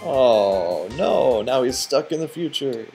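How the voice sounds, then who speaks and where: Excitable man commenting on gameplay. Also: medium pitch, takes it slowly, vocal fry, soft background music. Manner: excitable, talks to the game character. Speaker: let's play host.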